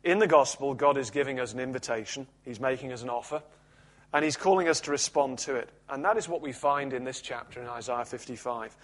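A male pastor reading scripture aloud and then preaching an expository sermon in a measured, earnest way. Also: medium pitch.

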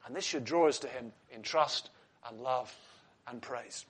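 A man's voice: medium pitch, measured pace, a bit bright, slightly rough. A man preaching a sermon in an earnest teaching tone, asking rhetorical questions and adding light asides.

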